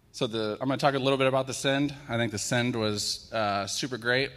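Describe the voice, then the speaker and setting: A man in his thirties preaching in a church, soft-spoken and openly emotional. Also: medium pitch. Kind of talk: sermon with worship prayer. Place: church sanctuary. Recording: long hall reverb in church.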